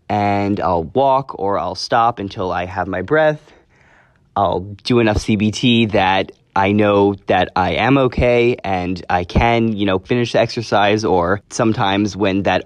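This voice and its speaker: Speaking at a normal speed, a teenage podcast host chats solo in a fairly low voice on a dry recording. His delivery is earnest and rambling, full of self-corrections.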